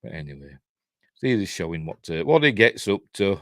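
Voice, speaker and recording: Low-voiced Yorkshire man rambling about films. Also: very animated, moderate pace, dry recording, clean studio sound. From Yorkshire, England. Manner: rambling, chatty, with trivia asides. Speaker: film reviewer. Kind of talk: casual film commentary over clips.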